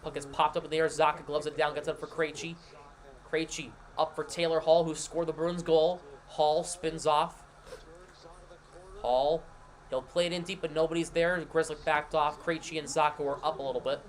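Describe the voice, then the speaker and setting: Man calling hockey play-by-play, high voice. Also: little pitch movement. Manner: rapid, running call of each pass and shot, with asides to chat. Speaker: play-by-play commentator and stream host. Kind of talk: live hockey play-by-play over a scoreboard stream.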